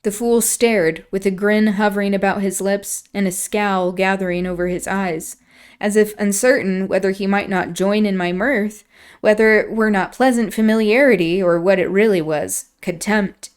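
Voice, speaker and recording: A woman at a streaming mic reads a classic novel aloud in an even, mid-range voice. Now and then she breaks off for quieter, reflective asides. It has the relaxed feel of an end-of-stream storytime. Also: mid-range voice, normal speed, smooth.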